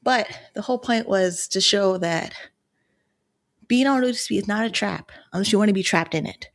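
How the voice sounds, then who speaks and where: A woman hosts a casual livestream, slightly out of breath. Her voice has a strong gravelly fry. She chats loosely and asks pointed, direct questions. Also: mid-range voice, moderate pace. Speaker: livestream host.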